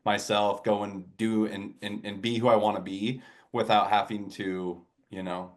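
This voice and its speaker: A man with a fairly low voice speaks as a guest in a casual interview. He talks haltingly and keeps restarting his sentences, filled with "like" and "you know". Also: little pitch movement.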